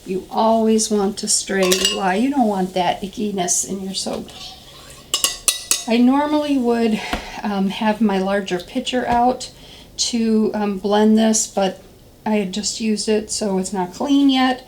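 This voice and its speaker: A woman's voice: mid-range voice, unhurried, noisy background. A woman demonstrating soap making in a casual step-by-step tutorial, chatty and thinking aloud with plenty of ums. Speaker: soap maker demonstrating a recipe.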